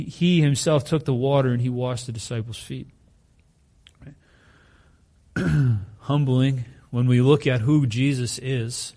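A man's voice: mid-range voice, mellow. A male pastor giving a sermon in a conversational way, often putting rhetorical questions to the congregation.

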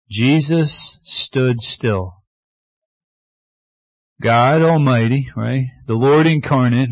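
A man preaching a sermon as pastor, animated, acting out voices from the stories he tells. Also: medium pitch, no room sound, muffled recording.

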